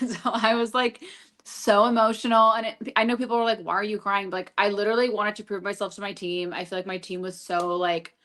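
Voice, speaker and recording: A woman's voice: mid-range voice, little pitch movement, fairly quick, a bit bright. A young woman guesting on an interview podcast, chatting casually as a reality TV contestant, rambling with lots of "like". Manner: rambling, filler-heavy storytelling with lots of "like".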